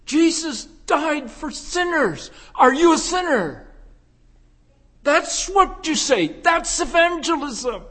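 A man preaching a sermon, asking rhetorical questions and swelling from hushed tones to fervent emphasis. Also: very high-pitched, big pitch swings, slow pace. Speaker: pastor.

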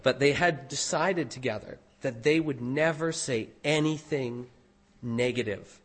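Guy preaching a sermon, earnest and deliberate, punches the key words, ordinary mid voice. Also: medium pitch. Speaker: pastor.

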